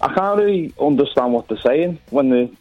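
Comic radio bit: man voicing a chatty Scouse cod, easygoing, average pitch, slightly muffled phone sound. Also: lively intonation, moderate pace, faint music behind, natural voice. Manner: casual, chatty, rambling. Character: laid-back male Scouse cod spokesman.

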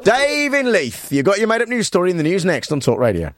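A male talk radio host bantering casually, jokey with quick asides. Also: a little high, very animated, dry recording.

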